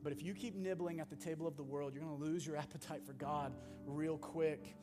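A male pastor preaching a sermon, animated, swinging from loud bursts to hushed asides. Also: a little high, fairly quick. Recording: long hall reverb with music behind.

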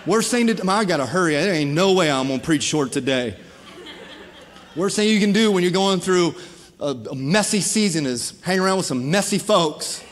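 A man's voice: sits high, expressive, moderate pace, in a large hall, a little hiss or hum. A man preaching a sermon as pastor, impassioned and calling out to his congregation. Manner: impassioned preaching with call-and-response.

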